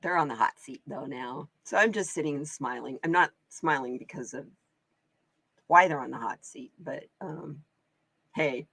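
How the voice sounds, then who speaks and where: A woman's voice: extremely low pitch, normal speed, a bit bright, no echo. A woman from Oregon hosting a live card-reading stream in casual chat. She talks in a chatty, exclamatory way and laughs often. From Oregon, USA. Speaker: host and card reader.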